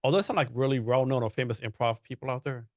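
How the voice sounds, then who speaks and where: A man's voice: medium pitch, fast talker, no room sound, clean studio sound. A man hosting a casual interview podcast, asking meandering questions full of fillers. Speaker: podcast host.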